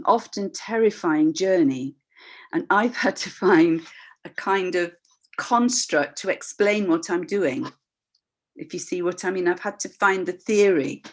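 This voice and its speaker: An older woman, a voice practitioner and workshop leader, sharing a candid, reflective personal story over a video call. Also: fairly low pitch. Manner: expressive, acts out voices in her stories; candid, reflective, with frequent restarts.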